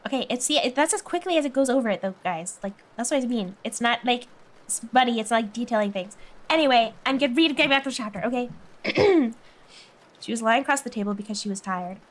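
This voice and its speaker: A woman's voice: on the high side, expressive, fast. A woman streamer chatting casually and reading aloud, often breaking off to giggle.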